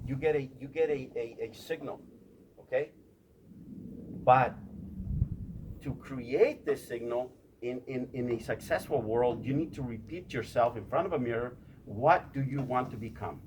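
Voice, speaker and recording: A man's voice: mid-range voice, a little slow, a little mellow, a little hiss or hum, rough recording. A man giving a repetitive motivational talk to a group, often stammering as he restarts his sentences. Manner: repetitive, addresses listeners as "you guys". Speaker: motivational speaker.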